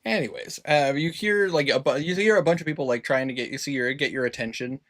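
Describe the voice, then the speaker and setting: A man running a tabletop game as game master, narrating the scene in an animated way. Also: mid-range voice, fast. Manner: animated, lively narration with put-on townsfolk voices.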